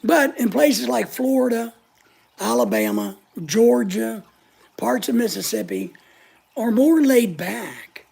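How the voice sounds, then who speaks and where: A woman's voice: fairly high pitch, very animated, slow pace, vocal fry, warm tone, husky. An older woman hosting a casual live chat, talking in a blunt, opinionated, chatty way. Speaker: channel host answering live chat.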